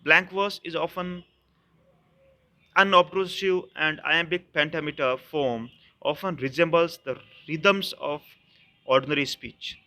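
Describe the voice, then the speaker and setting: Bright-voiced Indian English lecturer. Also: male voice, a little high. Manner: explains slowly, repeating and rephrasing terms; addresses students as "dears". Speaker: assistant professor of English. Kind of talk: recorded literature lecture.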